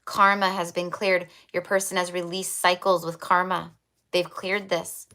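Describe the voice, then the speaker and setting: Chatty woman tarot reader, low-pitched. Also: little pitch movement, measured pace, bright, forceful tone. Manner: repetitive, affirming, spiritual phrasing; chatty with fillers. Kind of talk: livestreamed tarot reading.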